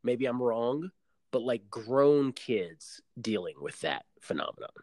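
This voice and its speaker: A man's voice: medium pitch, a little slow, no echo. Guy cohosting a podcast, voice jumps all over, playful and argumentative, dry close sound. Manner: animated, playful, argues his point with rhetorical questions. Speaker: podcast co-host. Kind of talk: casual chat recapping a reality show.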